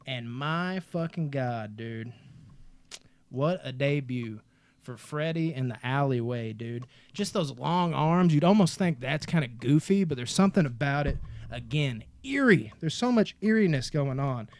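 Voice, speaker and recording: A man from Kentucky hosting a casual movie podcast, excitable and profane, calling everyone dude. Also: mid-range voice, a little slow. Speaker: podcast host.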